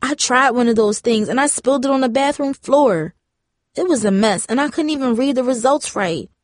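A woman's voice: sits high, moderate pace, dry recording, clean studio sound, voice pushed up, close to an everyday voice. A woman voicing a frightened teenage girl who pleads through tears, her voice breaking into sobs, in an audiobook story. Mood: frantic.

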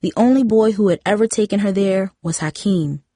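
A woman narrates a novel for an audiobook, her scripted reading steady and measured. She has a mid-range voice, captured in a dry recording of studio quality.

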